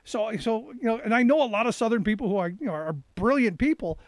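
A man's voice: sits high, fast talker, no room sound, clean studio sound. A man hosting an interview, asking questions eagerly and often restarting his sentences. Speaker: interview host. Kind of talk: casual interview chat.

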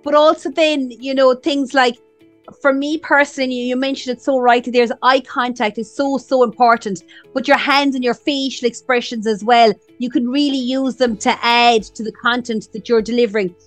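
A woman's voice: on the high side, steady tone, moderate pace, no room sound, faint music behind. A woman hosting a podcast interview, affirming her guest's points. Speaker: podcast host.

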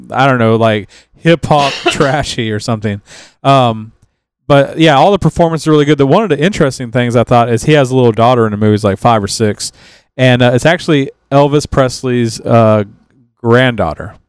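A man with a smooth, clear voice, recorded dry and close with no room sound. He chats casually as a podcast co-host, rambling with frequent restarts and trailing thoughts. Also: mid-range voice, moderate pace, no echo. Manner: rambling, relaxed, with many restarts and trailing sentences. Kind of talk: casual chat.

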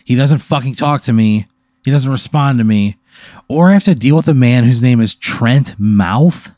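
A man's voice: mid-range voice, normal speed, mellow, no echo, studio quality. A man in casual chat reacting to a made-up story, exasperated and swearing a lot.

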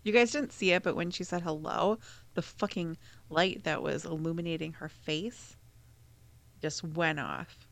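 Woman co-host, lowish gravelly voice, blunt reactive chat. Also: measured pace, fairly bright tone. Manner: reactive, blunt, swears freely. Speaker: podcast co-host. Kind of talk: casual chat.

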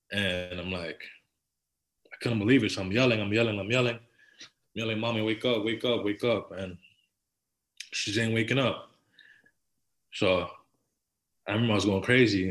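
A man, telling a personal story as a podcast guest in an earnest, slang-filled, repetitive way. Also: lowish voice. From Toronto, Canada. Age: 20s. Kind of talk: personal storytelling in casual conversation.

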